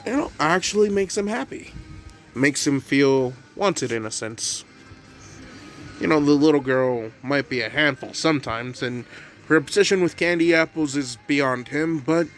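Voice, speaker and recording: A man improvising a fan story narration, rambling with many fillers. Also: medium pitch.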